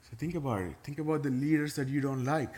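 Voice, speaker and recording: A man's voice: mid-range voice, quick pace, a little mellow. A middle-aged man, a pastor preaching a sermon to his church in a conversational way, with touches of playful sarcasm.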